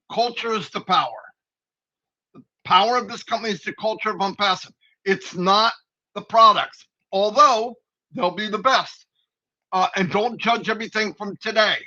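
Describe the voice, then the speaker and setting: Guy co-hosting a live stream, folksy pep talk, bright twangy sound, kinda muffled lo-fi. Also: sits high. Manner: folksy, preachy, rambling. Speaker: co-host of a live company stream. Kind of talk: casual livestream pep talk. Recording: dull lo-fi stream audio.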